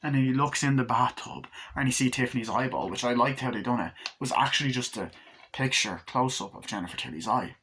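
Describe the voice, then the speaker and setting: A man's voice: mid-range voice, fairly quick, sharp tone, slight background noise. A man giving a casual, rambling movie review, enthusiastic and swearing often.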